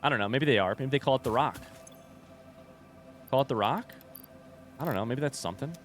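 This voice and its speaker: A young man from the United States chatting casually while playing a game on a livestream, thinking out loud in a rambling, distracted, self-deprecating way. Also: medium pitch, fairly quick, soft background music. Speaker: streamer.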